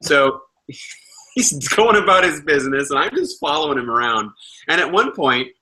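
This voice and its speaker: A man's voice: fairly high pitch, very animated, moderate pace, bright, forceful tone, low-quality recording. A man hosting a livestream, telling a casual, rambling story, laughing often and swearing freely. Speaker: livestream host.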